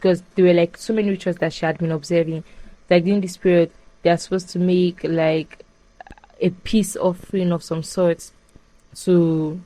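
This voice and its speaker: A young woman casually retelling a film plot as a podcast host, animated and full of fillers. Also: fairly low pitch, dry recording, rough recording. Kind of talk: casual chat.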